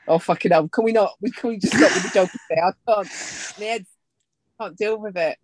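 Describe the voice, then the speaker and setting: A woman's voice: medium pitch, brisk, no echo. A woman co-hosting a podcast, chatting casually with playful, dramatic exclamations. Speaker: podcast co-host. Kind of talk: casual chat.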